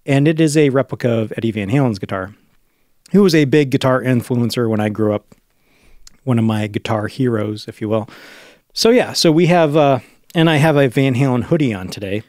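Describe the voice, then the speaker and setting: A man's voice: mid-range voice, a little fast, darkish tone, no echo, studio quality. A middle-aged man co-hosting a podcast, chatty and full of anecdotes and asides. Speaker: podcast co-host. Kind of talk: casual chat.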